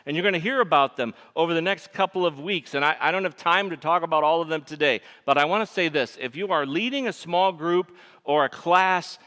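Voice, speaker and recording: Man, Michigan accent, nasal, middle-aged pastor, sermon, somewhat high voice, long church echo. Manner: emphatic, swinging between forceful and hushed. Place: church sanctuary. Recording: echoey church sanctuary.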